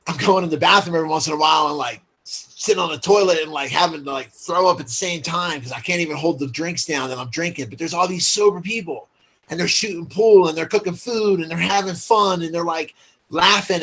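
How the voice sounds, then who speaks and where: Husky man telling a blunt recovery story. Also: on the high side, a little fast, a bit bright. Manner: blunt, profane, heavy filler use. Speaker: podcast guest. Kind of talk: candid storytelling chat.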